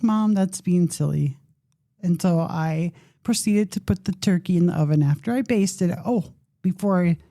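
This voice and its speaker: Gravelly, dark-voiced middle-aged woman host. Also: mid-range voice, no echo, clean studio sound. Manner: conversational, rambling, with self-deprecating humor. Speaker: podcast host. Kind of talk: candid personal storytelling.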